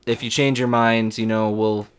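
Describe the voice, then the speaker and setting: A man voicing a nonchalant young male phone support worker who answers in a low, flat, quiet tone. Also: normal speed, clean tone, lightly acted.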